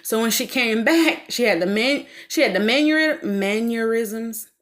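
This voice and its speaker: Southern lady rambling on in a home vlog, chatty, kinda high voice, laughs a lot. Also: expressive, normal speed, fairly bright tone. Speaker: vlogger. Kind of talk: casual chat. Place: home, doing laundry.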